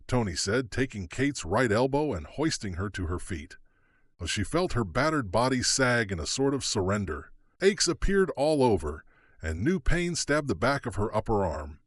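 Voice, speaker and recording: A man's voice: mid-range voice, very animated, moderate pace, dry recording. A man narrating a legal thriller audiobook in a dramatic, suspenseful reading. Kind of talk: scripted narration.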